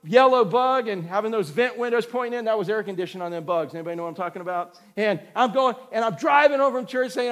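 A middle-aged man preaching a sermon in a folksy, animated way, acting out scenes with sudden shouts and calling listeners man and dude. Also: high voice, fast, few pauses. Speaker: pastor.

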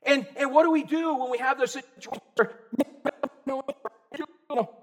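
A man with a high voice preaches in church. He talks lively and casually and keeps calling out questions to his listeners. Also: fairly quick. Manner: lively, calls out to the congregation with questions. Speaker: pastor. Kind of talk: sermon.

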